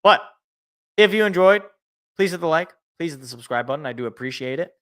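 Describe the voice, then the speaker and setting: Bright-voiced man hosting a sports show. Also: fairly high pitch, expressive, brisk. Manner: rambling, self-correcting, laughs at own jokes. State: voice feels worn out. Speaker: sports podcast host. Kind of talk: casual sports talk show.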